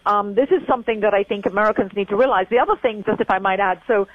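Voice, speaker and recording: An older woman from England, a guest in an interview, telling stories with animated, emphatic repetition over a dull lo-fi line. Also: mid-range voice, fast talker, slight background noise. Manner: animated storyteller, emphatic repeating. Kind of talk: phone-in interview chat.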